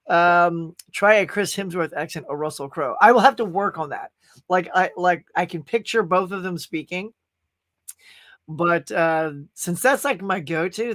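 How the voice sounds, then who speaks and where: High-pitched guy rambling thru his live stream chat, lots of restarts, dry close mic. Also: normal speed, no room sound. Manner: rambling, animated, full of restarts. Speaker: livestream host. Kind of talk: casual live chat reading comments.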